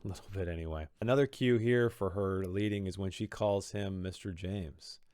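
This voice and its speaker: Man, author, deep voice, dry close recording, rambling, thoughtful commentary. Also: moderate pace, darkish tone, no room sound. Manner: thoughtful, rambling, many restarts and fillers. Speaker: author discussing his own story. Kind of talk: reflective commentary on his own writing.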